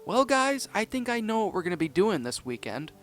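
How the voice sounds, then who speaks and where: A shy, curious young penguin boy from a cartoon, as a man reads him. He stammers and hesitates over his questions, with a lively lilt and faint music behind. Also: sits high, fairly quick, pitched above the performer's own voice.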